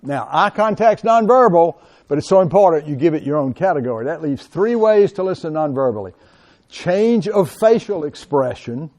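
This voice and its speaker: A middle-aged man lectures a college class in an animated, hands-on way, often turning to the students and calling them guys. His voice sits a little higher than most men's. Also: moderate pace.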